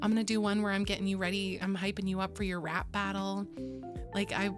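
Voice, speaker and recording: A woman's voice: medium pitch, little pitch movement, quick pace, faint music behind. A young adult woman streaming and chatting casually with her viewers, bubbly, laughing often and swearing casually. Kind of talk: casual chat with live chat.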